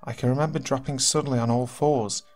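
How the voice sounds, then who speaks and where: A man reading submitted horror stories aloud as narrator, in steady, earnest storytelling. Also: mid-range voice, quick pace. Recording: faint music behind.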